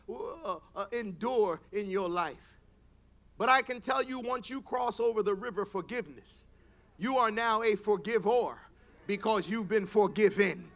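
High-pitched preacher guy, sermon, reads scripture then gets loud and emphatic. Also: vocal fry. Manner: preaching, reading scripture aloud, rising to loud emphatic passages.

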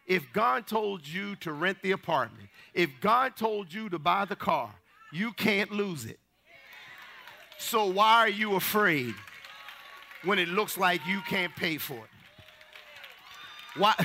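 High, gravelly preacher man shouting. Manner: animated, rising to shouts, folksy asides. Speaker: pastor. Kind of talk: fiery preached sermon.

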